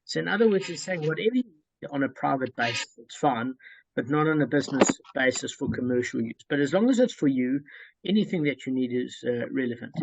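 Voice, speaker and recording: A man's voice: mid-range voice, animated, brisk, creaky, breathy edge, dry recording, rough recording. A man leading a study group through a Talmud passage, explaining it step by step and often restating points with fillers.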